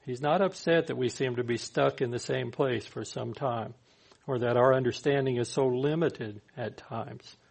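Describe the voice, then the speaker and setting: A man's voice: mid-range voice, moderate pace, gravelly, darkish tone, husky. A man preaching a sermon in a conversational way, sometimes acting out the people he quotes. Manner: conversational, acts out quoted speakers.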